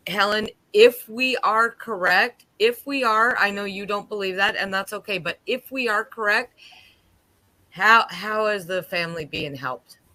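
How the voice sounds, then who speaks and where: A livestream co-host asking careful, measured questions and repeating them. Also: mid-range voice, bright, forceful tone, rough recording.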